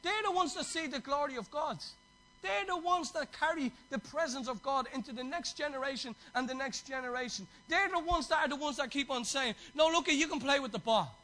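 A man's voice: very high-pitched, a little fast, pushed and bright, rough recording. A man preaching a sermon to his church, passionate and exhorting, with chatty asides.

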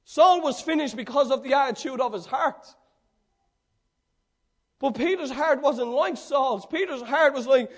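A man's voice: extremely high pitch, a little slow, long pauses. A man preaching a fervent sermon, building with rhetorical repetition.

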